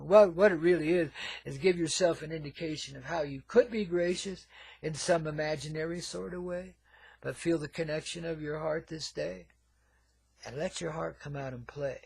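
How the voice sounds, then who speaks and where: Older hippie man with a husky voice. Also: a little high, normal speed, dry recording. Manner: folksy hippie drawl, calls listeners man and babies; swings between murmured asides and loud outbursts. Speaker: radio show host. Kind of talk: rambling monologue.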